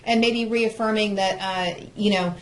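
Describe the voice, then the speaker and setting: A woman's voice: mid-range voice, fairly even intonation, measured pace, slight background noise, low-quality recording. A woman co-hosting a podcast, asking the guest leading questions. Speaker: podcast co-host. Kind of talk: podcast chat.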